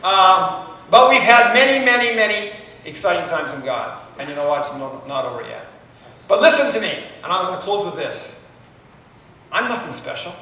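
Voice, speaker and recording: A man's voice: high voice, sing-song, normal speed, pushed and bright. A man in his sixties, a pastor telling stories in a sermon and calling "Amen?" to the congregation. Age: 60s. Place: large echoing convention hall. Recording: echoey hall from far off.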